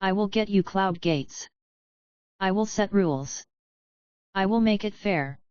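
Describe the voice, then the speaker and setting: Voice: medium pitch, unhurried, a little mellow, clear, resonant tone, no room sound, highs cut off, natural voice. A woman voicing a cocky pegasus racer.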